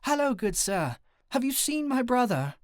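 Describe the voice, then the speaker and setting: A man's voice: very high-pitched, very animated, moderate pace, no room sound, clean studio sound, pitched above the performer's own voice. A man voicing a young woman in a delusion who plays a haughty lady with a put-on posh British accent, theatrical and prim. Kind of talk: audiobook character voice.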